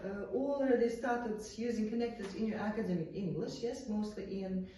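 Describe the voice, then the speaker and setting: A woman's voice: mid-range voice, normal speed, mellow, distant mic, a little hiss or hum. A woman teacher with an Uzbek accent giving a classroom lecture, often saying "uh-huh" and checking with students by asking "yes?". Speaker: English teacher. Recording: echoey classroom, voice from across the room.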